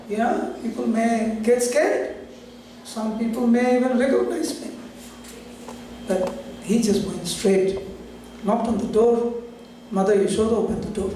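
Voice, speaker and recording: A man gives a devotional class in a temple and tells a story at an unhurried pace, raising his voice further whenever he speaks a character's lines. His voice is high for a man. He is recorded from far off in a very echoey hall, with a faint hum of room ambience behind him. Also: darkish tone. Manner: acts out the characters' lines in a raised voice.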